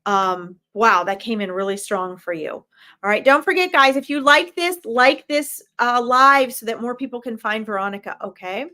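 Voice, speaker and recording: A woman's voice: on the high side, expressive, normal speed, pushed and bright. A woman giving live psychic medium readings, talking directly and emphatically, with frequent fillers and "okay?" check-ins.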